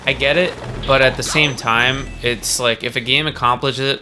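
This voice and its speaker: A young man in his easygoing gaming chat, his voice at an ordinary pitch, with game music playing clearly behind him. He hedges his points and swears without fuss. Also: moderate pace. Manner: relaxed, hedging, swears casually. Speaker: let's play co-host.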